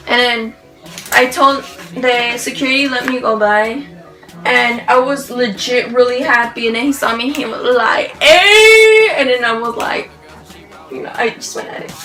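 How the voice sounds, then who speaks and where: A woman vlogs in a gushing, rambling way, piling up "like" and restarts as she tells her story. Her voice is bright and a touch high, and faint music plays behind her. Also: poor audio. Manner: excited, rambling, gushing, heavy use of "like". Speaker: vlogger. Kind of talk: casual storytelling to camera.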